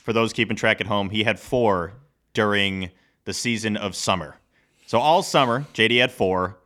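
Bright-voiced man in rambling sports chat. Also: lowish voice, normal speed. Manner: rambling, animated, laughs often. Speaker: podcast co-host.

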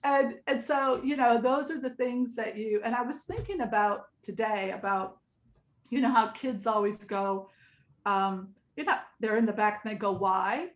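A woman's voice: a little high, moderate pace. A woman in her sixties, a guest telling stories in a chatty, rambling way and laughing often. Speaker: interview guest. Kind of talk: casual storytelling. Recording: echoey room.

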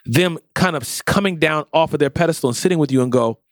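A man talking comics with a co-host in a casual, animated way. His voice sits a bit high for a man, and he drops it low when he acts out quoted lines. The recording is dry and close. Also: fast talker, no echo. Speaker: podcast co-host. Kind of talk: casual comic book discussion.

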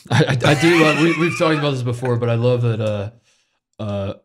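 A man co-hosting a casual sports podcast, from Ohio, talking in an animated way with repeated words and frequent laughs. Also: medium pitch, normal speed, very noisy.

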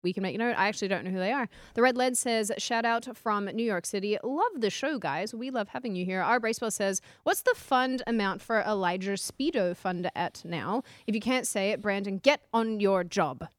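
A woman's voice: mid-range voice, animated, brisk, hardly any pauses, no room sound. A woman co-hosting a livestream podcast, reading chat comments aloud with frequent laughs. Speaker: podcast co-host.

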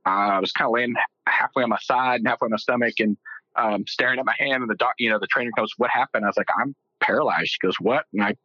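Man telling a story, bright voice. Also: mid-range voice, fairly even intonation, fast talker, no echo, muffled recording. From Texas. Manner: joking, rambling with many fillers. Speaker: guest. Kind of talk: casual storytelling interview.

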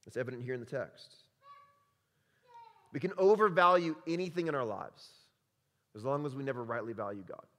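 Bright-voiced emphatic male preacher. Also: high voice. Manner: emphatic, conversational, call-and-response questions. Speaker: pastor. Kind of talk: sermon. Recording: long hall reverb.

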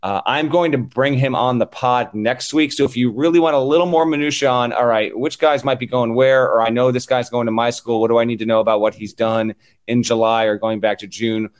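A man's voice: mid-range voice, steady tone, a little fast. A man hosting a podcast live from a basketball tournament, recapping players in a loose, rambling way with fillers. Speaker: podcast host. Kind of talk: casual chat.

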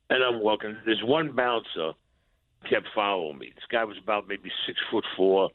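A guest in an interview, formerly a mob enforcer, tells a story in a lowish voice at normal speed, pausing often. He reenacts both sides of past conversations in crude, direct street talk. The sound comes through a tinny phone line.

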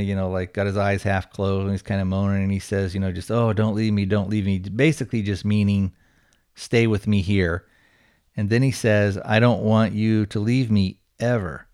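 A male podcast host recaps a film's plot casually, rambling and leaning heavily on fillers and hedges. His voice is lowish, darkish and steady, at a moderate pace.

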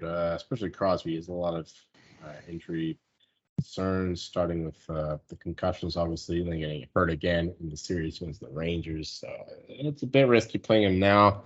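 A man's voice: low-pitched, breathy edge, muffled recording. A man in casual sports betting chat, rambling loosely and swearing now and then. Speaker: sports betting podcast co-host.

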